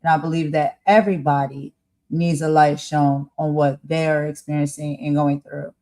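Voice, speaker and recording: A woman's voice: deep voice, flat delivery, moderate pace, dark tone. A woman hosting a political live stream, talking casually to her viewers and calling them y'all. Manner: casual, addresses the audience as y'all. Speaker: host.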